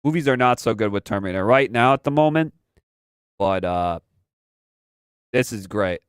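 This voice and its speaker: A man's voice: lowish voice, animated, moderate pace, clean tone, no echo, studio quality. A young man hosting a live stream, chatting casually about games and movies, rambling and repeating himself in slangy talk. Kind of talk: casual pop-culture commentary.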